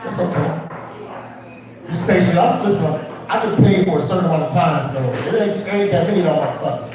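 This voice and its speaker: A man's voice: high voice, quick pace, recorded from a distance, noisy background. A young man doing a rambling stand-up set at a small open mic, swearing and chatting with the crowd. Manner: loose, rambling, swearing, crowd-work asides. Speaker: stand-up comedian. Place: small comedy club. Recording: roomy echo, off-mic.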